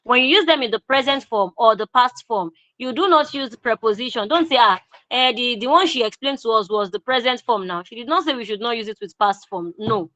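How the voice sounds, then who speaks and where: A woman with a Nigerian English accent teaching an online grammar lesson, repeating key phrases slowly for emphasis. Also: a little high, bright, forceful tone, lo-fi sound.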